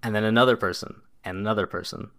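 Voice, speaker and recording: A man's voice: fairly low pitch, steady tone, fast talker, fairly bright tone. A man narrating as game master of a tabletop game, in a loose, descriptive way with lots of casual filler words.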